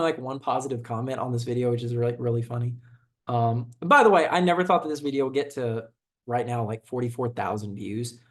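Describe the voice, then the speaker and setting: A young man with a Southern twang, chatting loosely as a video host, full of fillers and restarts while he reacts to comments. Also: fairly high pitch. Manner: rambling, laid-back, many fillers and restarts. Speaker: channel host.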